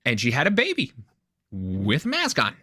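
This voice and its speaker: A man co-hosting a podcast, telling a rambling, animated anecdote in casual chat. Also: medium pitch, normal speed, no room sound. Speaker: podcast co-host.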